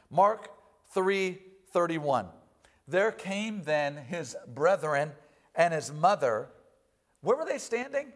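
A man preaching to his congregation in a notably high voice. He reads scripture, then explains it with animated energy. He climbs loud for emphasis and drops low and quiet for quoted voices. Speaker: pastor. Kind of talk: sermon. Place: church.

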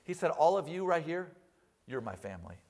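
Pastor, male, high-pitched, animated church preacher who swings between loud emphasis and low quoted asides. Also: brisk, creaky. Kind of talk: sermon.

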